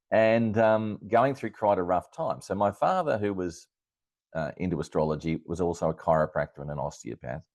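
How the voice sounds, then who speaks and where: Deep-voiced Australian man telling stories. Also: measured pace, pauses often, no echo. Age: middle-aged. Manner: animated anecdotal storyteller, chuckling, many fillers and restarts. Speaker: astrologer guest. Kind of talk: conversational storytelling in an interview.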